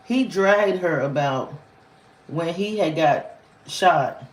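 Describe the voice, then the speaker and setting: A woman chats on a livestream in a loose, rambling storytelling style. Her voice jumps high and drops low as she talks. The room around her has a noticeable echo. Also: expressive, slow. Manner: candid, rambling, with frequent pitch swings. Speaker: livestream host. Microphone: phone or webcam on a livestream.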